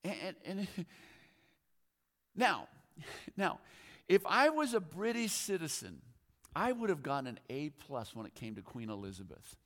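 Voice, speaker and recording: A middle-aged male pastor preaching in a slightly higher-than-usual voice. His delivery is chatty and self-mocking, with laughs scattered through it. The sound carries a long reverb from the church sanctuary. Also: sing-song, measured pace, long pauses, fairly bright tone. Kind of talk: conversational sermon.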